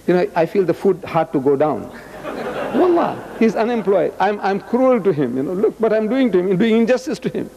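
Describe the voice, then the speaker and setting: A man in his seventies giving a public lecture in a loud, roaring, emphatic voice, repeating his points. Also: sing-song, a little fast, vocal fry, a faint crowd. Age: 70s. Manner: emphatic, repeats phrases, swings high and low. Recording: long reverb of a lecture hall.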